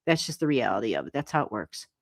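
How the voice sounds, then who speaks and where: A woman giving casual, animated astrology readings on a livestream, chatting and swearing lightly as she goes. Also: extremely low pitch, quick pace, no echo, clean studio sound. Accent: US Midwestern. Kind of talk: casual live-stream reading.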